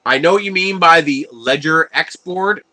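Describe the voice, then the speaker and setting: On the high side and sharp in tone, this man's voice keeps a normal speed. He's hosting a laid-back livestream, assembling a 3D printer while telling stories, laughing often and replying to viewer messages.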